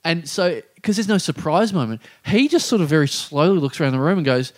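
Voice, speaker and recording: A man's voice: on the high side, brisk. A man telling a story in casual podcast chat, swearing freely and acting out the other people in it. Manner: animated, acts out quoted voices, swears freely.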